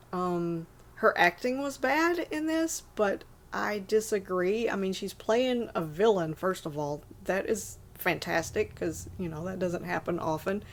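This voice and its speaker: A woman's voice: mid-range voice, a little slow. Woman in her 40s chatting about movies, lots of um and like, keeps correcting herself. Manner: meandering, full of fillers and self-corrections. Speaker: movie list vlogger. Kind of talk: casual rambling movie talk.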